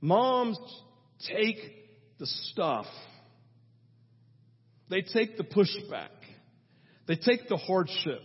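A man preaching a sermon as pastor, in a conversational, animated way, often checking in with the congregation with a quick rhetorical aside. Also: high voice, slightly rough. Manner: conversational, animated, tags lines with "right?". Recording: dull sermon recording in a reverberant hall.

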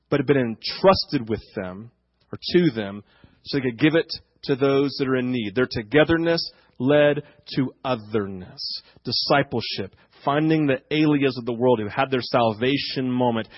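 A man's voice: mid-range voice, slightly rough, no room sound, highs cut off. A male pastor preaching an emphatic sermon that rises and falls in volume. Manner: emphatic, rising and falling in volume.

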